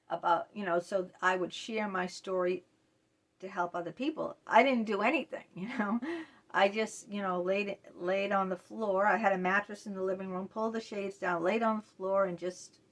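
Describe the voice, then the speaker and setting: A woman's voice: mid-range voice, fairly bright tone. Earnest woman vlogger confiding to viewers. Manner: earnest, repeats phrases, speaks straight to viewers. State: voice tight, choked up. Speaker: self-help vlogger. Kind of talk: confessional talk to camera.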